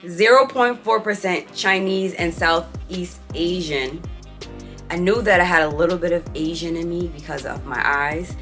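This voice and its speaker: Woman vlogger, young, low voice, chatty and playful, faint music behind. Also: normal speed, fairly bright tone. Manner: chatty, reads out results with playful asides. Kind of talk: casual vlog chat.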